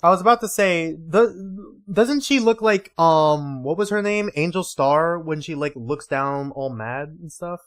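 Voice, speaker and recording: A man's voice: a little high, unhurried, hardly any pauses, a little hiss or hum. A man casually commenting during live gameplay, loose and rambling. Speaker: gaming streamer.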